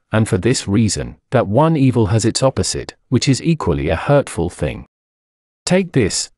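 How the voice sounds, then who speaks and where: A man reading an old sermon aloud in a solemn, measured preaching cadence. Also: mid-range voice, darkish tone, dry recording, clean studio sound. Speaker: sermon reader.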